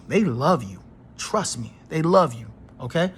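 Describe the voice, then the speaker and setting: A man's voice: on the high side, lively intonation, measured pace, slight background noise. A man giving a casual astrology reading to his viewers in an emphatic, preachy way. He repeats phrases and uses slang. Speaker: astrology reader.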